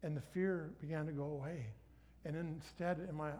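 Animated high-voiced man preaching a sermon. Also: normal speed. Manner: animated storytelling, acts out his own inner dialogue. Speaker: guest speaker.

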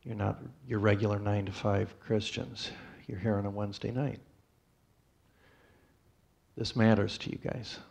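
A man gives his testimony in a church in a low, rough, gravelly voice. He tells his story plainly, pausing and restarting as he goes. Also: little pitch movement, darkish tone. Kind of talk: personal testimony to a congregation.

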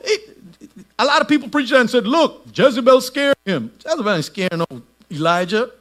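A middle-aged man preaching a sermon, swinging between shouted lines and soft asides. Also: extremely high pitch, animated, a little fast. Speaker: pastor.

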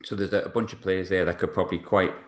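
A man hosting a podcast, asking questions in a relaxed, hedging way. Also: low voice, fast talker. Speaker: podcast host. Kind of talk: casual podcast interview. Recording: echoey room.

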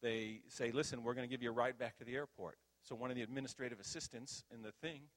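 A middle-aged man preaching a storytelling sermon, acting out quoted dialogue loudly and with animation. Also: medium pitch, steady tone, fast talker.

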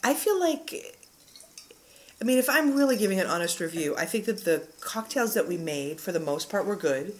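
A woman's voice: mid-range voice, expressive, normal speed. A woman co-hosting a casual podcast book review, frank and profane, a little tipsy from drinking. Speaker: podcast co-host.

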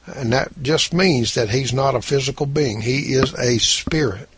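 A man's voice: medium pitch, measured pace, slightly rough. A man preaching a sermon, reading scripture aloud and pressing his points with emphasis.

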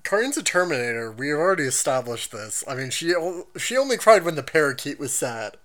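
A host recapping an anime episode with a bright, clear tone. The voice rises and falls a great deal, expressive and animated as it moves between plot summary and reactions. Viewer comments are read out along the way in an easy, chatty manner. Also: medium pitch, brisk. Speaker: podcast host reading chat. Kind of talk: casual anime recap chat.

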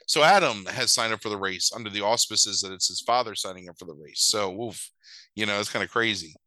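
A man hosting a podcast who recaps a movie in a sarcastic, profane, animated way. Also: fairly low pitch, a little fast, no room sound, poor audio.

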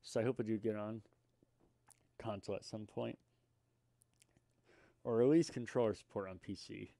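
A man's voice: fairly low pitch, steady tone, normal speed, creaky, dark tone, dry recording, clean studio sound. A young man hosting a casual solo podcast, rambling and self-deprecating with lots of fillers and restarts. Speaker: podcast host.

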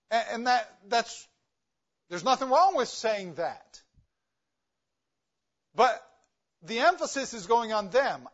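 In church, a visiting missionary preacher gives a forceful sermon full of rhetorical questions, getting louder and softer to stress his points. He has a very high voice with big pitch swings and a slightly slow pace, captured in dull audio.

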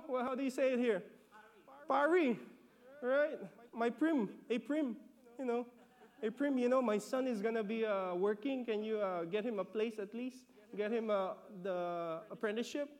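Filipino guy preaching, high voice, lively, keeps repeating himself and asking okay?. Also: normal speed. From Philippines. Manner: animated, repeats words, acts out voices of disciples; laughs between points, asks "okay?". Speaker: pastor. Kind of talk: sermon.

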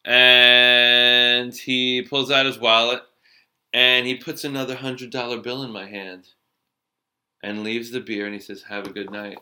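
A man's voice: medium pitch, flat delivery, measured pace, pushed and bright. A middle-aged man telling a loose, profane story from his cab-driving days in a casual chat. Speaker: storyteller, former cab driver.

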